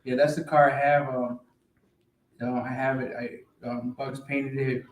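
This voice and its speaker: A man's voice: mid-range voice, flat delivery, unhurried. A man guest on a podcast chatting in an easygoing, filler-heavy way about building cars. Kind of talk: casual chat. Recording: roomy, faint background hum.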